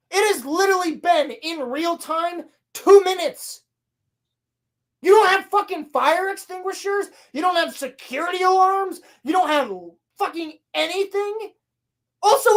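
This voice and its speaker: High-voiced woman ranting sarcastically. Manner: sarcastic, swears a lot, acts out scenes in voices. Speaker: podcast co-host. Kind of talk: casual ranting recap.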